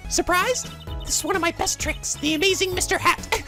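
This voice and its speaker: A man's voice: very high-pitched, a little fast, music in the background, pitched above the performer's own voice. A man voicing a bubbly, teasing teenage girl magician in a game playthrough. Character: perky teen girl stage magician.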